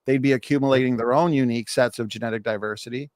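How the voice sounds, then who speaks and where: A man's voice: medium pitch, fairly even intonation, fast talker, a little mellow, dry recording. A man hosting a live seminar, posing questions to his guest and passing along comments from the chat. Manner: poses questions, relays viewer chat. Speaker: host.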